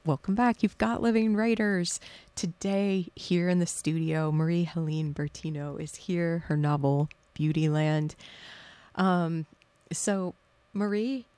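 A woman's voice: lowish voice, steady tone, takes it slowly, dark tone, smooth. A woman hosting a radio interview show in a studio, enthusiastic and encouraging toward her guest.

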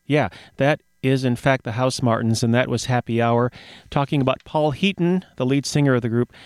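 A man's voice: mid-range voice, clear, resonant tone, dry recording. A man hosting a radio show, reading news items aloud with wry offhand asides into a studio microphone. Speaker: radio DJ host.

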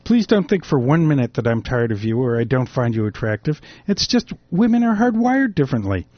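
A man's voice: mid-range voice, very animated, fairly quick, no room sound, lo-fi sound. Man putting on a tired, weary wife. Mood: pleading. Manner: sharp, pleading.

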